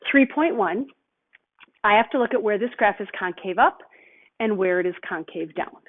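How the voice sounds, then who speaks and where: A woman's voice: mid-range voice, expressive, normal speed. Woman math teacher, patient step-by-step explainer, thin phone-like sound quality. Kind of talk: recorded lesson walkthrough. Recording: tinny phone-like audio.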